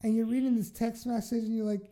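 Woman, mellow, fairly high voice, cussing, laughing storyteller in casual chat. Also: fast talker. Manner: animated, profane, laughing storyteller.

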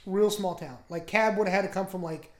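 Casual male co-host, animated, profane storyteller. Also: high voice, brisk.

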